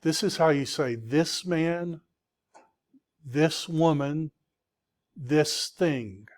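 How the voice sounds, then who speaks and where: A man's voice: on the high side, very slow. A middle-aged man teaching a Greek vocabulary lecture to students, patiently checking in with the class as he goes.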